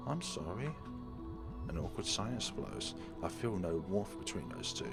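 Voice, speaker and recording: A deep-voiced man hosts a let's play, reading a visual novel's first-person narration aloud. His quiet, steady read sits over game music. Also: moderate pace, creaky.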